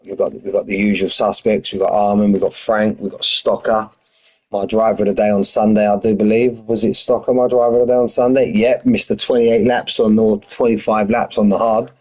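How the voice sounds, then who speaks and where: A man's voice: fairly low pitch, level tone, brisk, warm tone, rough recording. A man with a London accent, chatting casually to viewers on a racing game stream, saying "mate" often and reading out lap times. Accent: London English. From London, England. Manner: chatty, says "mate" constantly, reads out lap times and answers chat. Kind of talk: casual live-stream chat. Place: home in Spain.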